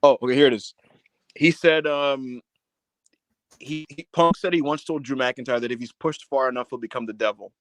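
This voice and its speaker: A man's voice: mid-range voice, moderate pace, fairly bright tone, no echo. A man co-hosting a wrestling review podcast in loose, slangy banter, laughing often. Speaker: podcast co-host. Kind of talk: casual wrestling review chat.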